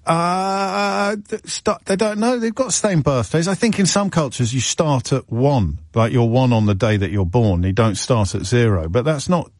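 A man's voice: medium pitch, normal speed, few pauses, no echo, clean studio sound. Chatty middle-aged male radio host. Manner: chatty, self-deprecating, lively, with stammering restarts. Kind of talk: radio phone-in chat. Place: radio studio. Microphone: studio microphone.

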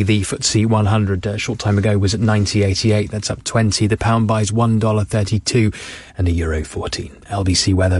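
A man reading a radio news bulletin in a brisk, even way. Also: fairly low pitch, no echo. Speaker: newsreader.

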